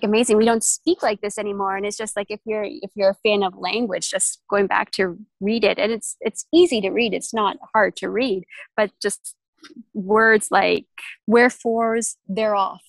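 A woman's voice: medium pitch, vocal fry, no room sound, low-quality recording. Chatty young woman, dry close sound. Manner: chatty, halting, many restarts and fillers. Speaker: podcast co-host. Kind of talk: casual chat.

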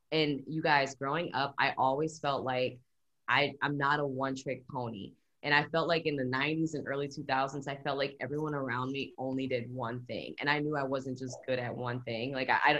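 A young woman chats on a podcast, bubbly and full of laughs. Her voice sits low for a woman yet comes across bright and forceful. She talks loosely, with lots of "like.". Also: poor audio. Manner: bubbly, laughs often, says "like" a lot. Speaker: podcast guest. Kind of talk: casual chat.

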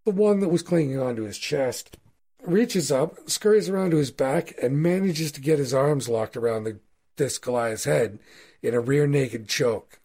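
A man narrating a tabletop role-playing game as game master, telling a fight scene in a loose, animated, swearing way. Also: medium pitch, normal speed. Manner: animated, swearing, casual storytelling.

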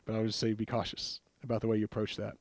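A man preaching a sermon in a conversational, animated way, laughing often and retelling scripture with acted quotes. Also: lowish voice, rapid-fire, no room sound, clean studio sound.

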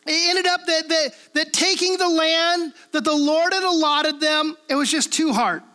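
A woman pastor from the Pacific Northwest delivers a relaxed teaching sermon with a high, bright voice. She talks conversationally and keeps checking in with her listeners. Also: normal speed. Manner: casual, checks in with listeners through frequent tag questions.

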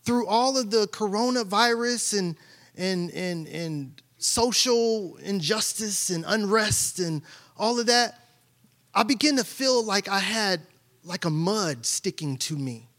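A man's voice: high-pitched, animated, takes it slowly, a bit bright. A male pastor preaching a candid, conversational sermon, telling stories with frequent restarts and repeated words.

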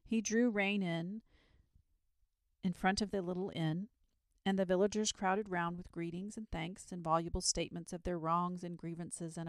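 A woman reading a children's story aloud in a calm, soothing bedtime reading. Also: on the low side, no room sound, studio quality.

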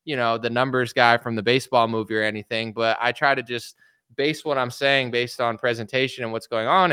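Bright, animated man chatting. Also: mid-range voice, clear, resonant tone, no echo, studio quality. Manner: animated, rambling, laughs often. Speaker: host. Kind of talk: casual political commentary chat.

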